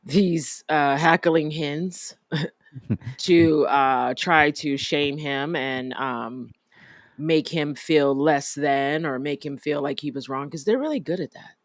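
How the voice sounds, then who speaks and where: A man's voice: a little high, slow, no room sound, clean studio sound. A man co-hosting a podcast, making his point emphatically and repeating phrases. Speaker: podcast co-host. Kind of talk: casual opinionated chat.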